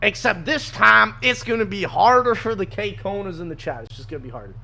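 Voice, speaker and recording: A man putting on a cocky, crude marine who barks short, brash lines. His voice is bright, lively and up high. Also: brisk, vocal fry, heavily acted.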